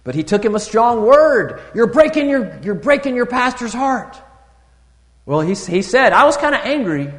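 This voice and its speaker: A man preaching a sermon in a relaxed, conversational way, full of fillers and restarts, rising loud and high to stress a point and dropping quiet for asides. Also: long reverb tail. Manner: rises loud and high for emphasis, drops soft for asides. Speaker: pastor.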